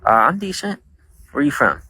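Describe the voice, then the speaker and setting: A man's voice: medium pitch, sing-song, brisk, pushed and bright, husky. A man chatting casually on a livestream, rambling with lots of fillers, outdoors at night. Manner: rambling, talks to viewers, many fillers. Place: outdoors at night, bugs around.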